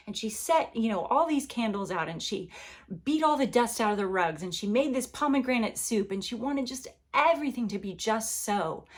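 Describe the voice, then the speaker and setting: Warm, lively woman teaching the Bible. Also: a little high. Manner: conversational and animated, acting out quotes playfully; gentle and encouraging. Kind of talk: devotional Bible lesson.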